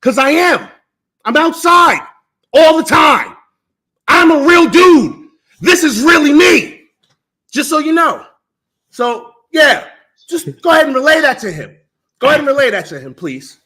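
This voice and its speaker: A man co-hosting a loose sports talk stream, his voice pitched very high and sounding bright and forceful. He talks emphatically, repeating himself and swearing as he calls someone out. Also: sing-song, measured pace, long pauses. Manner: emphatic, repetitive, swearing, call-out banter. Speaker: co-host.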